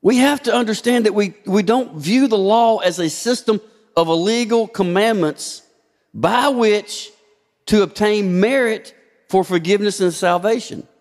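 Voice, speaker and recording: A pastor with a high voice preaches a little slowly in a church sanctuary, the recording carrying long hall reverb. He poses rhetorical questions and frequently shifts his emphasis.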